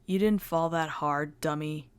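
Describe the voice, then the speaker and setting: A terse, grumbling young hero with a Japanese accent, as a woman reader puts him on, pitched a little lower than her usual voice. He is short-tempered and gruff, and his timbre sounds apart from the narration around him in this audio story. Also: a little slow. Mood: cranky. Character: cranky hot-tempered young male hero.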